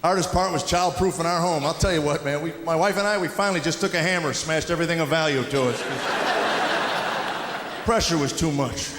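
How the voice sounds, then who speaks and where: A middle-aged man from Tennessee working a live stage with a dry, deadpan storytelling manner, slipping into quick acted-out quotes. His voice sits fairly high for a man. It rings through a large echoey hall with a long tail, and the audience is clearly heard behind him. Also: heavy background noise. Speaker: stand-up comedian. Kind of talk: stand-up routine.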